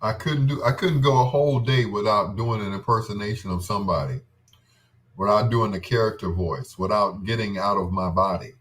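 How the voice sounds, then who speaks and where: A man's voice: on the low side, brisk, fairly bright tone. A man hosting a show, telling comic stories in a rambling way, laughing often and slipping into voices. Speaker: host. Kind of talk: comedic storytelling monologue.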